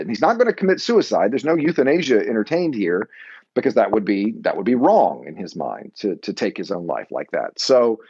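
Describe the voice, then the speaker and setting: A man's voice: on the low side, very animated, a little mellow, breathy edge. Man teaching a Bible class, lo-fi. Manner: conversational, pausing to explain terms. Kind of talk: weekly Bible study lesson.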